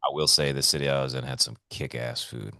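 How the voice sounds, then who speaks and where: A man's voice: extremely low pitch, steady tone, quick pace, gravelly, pushed and bright, dry recording, clean studio sound. A man co-hosting a podcast over a remote call, telling stories in a laid-back, swearing, casual way. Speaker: podcast co-host. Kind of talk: casual chat.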